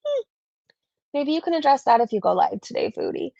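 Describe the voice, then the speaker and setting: A woman's voice: high-pitched, wildly swooping pitch, fairly quick, gravelly, long pauses, warm tone, dry recording, lo-fi sound. A woman hosting a casual live-stream commentary, chatty and rambling as she reads super chats. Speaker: commentary channel host.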